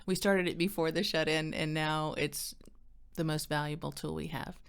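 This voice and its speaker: A woman's voice: sits low, fairly even intonation, moderate pace, creaky, clean tone. A middle-aged woman, director of a counseling center, giving friendly, chatty parenting advice to the camera in an upbeat way. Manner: chatty, upbeat, acts out quoted dialogue, laughs easily.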